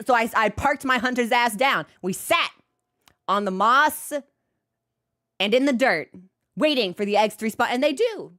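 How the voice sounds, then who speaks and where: A woman's voice: a little high, fairly bright tone. A woman streamer telling a comic story in a casual, profane, exasperated way, exaggerating for laughs.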